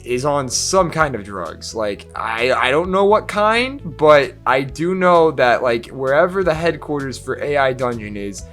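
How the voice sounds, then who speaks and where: A man's voice: medium pitch, very animated, a little slow, hardly any pauses, fairly bright tone, soft background music. A young man hosting a gaming channel, reading an AI-written text adventure aloud and reacting, laughing often, swearing and trying silly voices for the characters.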